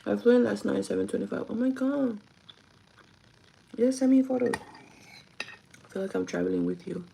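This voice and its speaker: A woman's voice: normal speed, warm tone, slight background noise, low-quality recording. A young woman who is sick and losing her voice, chatting casually with her live-stream viewers, mixing English and Spanish. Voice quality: hoarse, deep for her. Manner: switches between English and Spanish. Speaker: vlogger talking to live chat.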